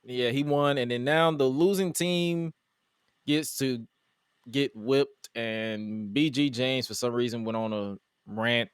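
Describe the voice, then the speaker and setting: Guy hosting a wrestling podcast, animated, acts out quotes all fed up, dry close sound. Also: medium pitch, takes it slowly, clear, resonant tone, no echo. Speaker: podcast host. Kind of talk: casual wrestling review chat.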